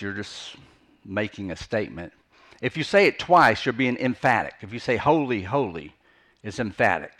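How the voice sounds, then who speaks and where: A man preaching an unscripted teaching sermon, earnest, often repeating phrases for emphasis and restarting his sentences. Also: mid-range voice. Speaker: pastor.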